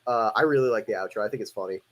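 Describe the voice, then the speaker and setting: A man's voice: on the low side, very fast. A man hosting a livestream, talking casually about his music in a loose, rambling, profane way with frequent restarts. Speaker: host and musician.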